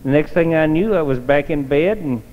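A man preaching with a folksy, homespun testimony, his voice sitting a bit higher than most men's. The sound is dull and lo-fi, with a long reverb from a church hall around him. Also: normal speed. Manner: homespun storyteller, colloquial.

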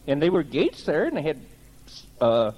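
A man's voice: a little high, huge pitch swings, normal speed, darkish tone, husky, poor audio. A man giving a personal testimony to a gathering, telling it in a plain-spoken, folksy way with earnest conviction.

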